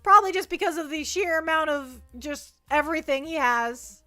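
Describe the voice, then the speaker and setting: A woman VTuber chatting on a livestream in a very high, bright voice. She is excitable and giggly and trips over her words, with soft music playing behind her. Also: moderate pace, few pauses. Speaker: VTuber streamer. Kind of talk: casual livestream chat.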